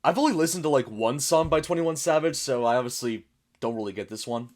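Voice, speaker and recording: A man talking casually as a reaction host, his explanations wandering and chatty. His voice sits at an ordinary middle pitch for a man. He breaks into laughs often between thoughts. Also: animated, fast talker, darkish tone. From United States.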